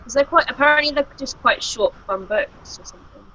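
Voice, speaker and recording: A woman's voice: high voice, brisk, pushed and bright, a little hiss or hum. A woman, a guest in a casual chat who talks chattily and a little hesitantly. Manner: chatty, hesitant, laughs often. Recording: dull lo-fi home recording.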